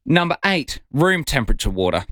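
A man's voice: a little high, big pitch swings, brisk, fairly bright tone, no echo. A man co-hosting a breakfast radio show, playful and teasing, given to mock indignation. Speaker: radio co-host. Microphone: studio microphone.

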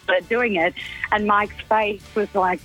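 A woman's voice: medium pitch, steady tone, unhurried, a bit bright, soft background music, rough recording. An Australian woman, a mother called live on a radio show, flustered and laughing it off. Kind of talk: phone call to a radio show.

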